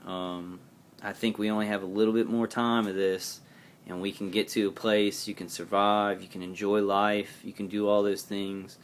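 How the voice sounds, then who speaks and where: A man talking to his viewers in a personal video diary, in a rambling, halting, earnest way. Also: on the low side, smooth. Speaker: vlogger.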